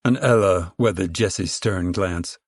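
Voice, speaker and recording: A man's voice: low voice, a little slow, no room sound. Man narrating a novel in a dry voice. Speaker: audiobook narrator. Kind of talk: scripted narration.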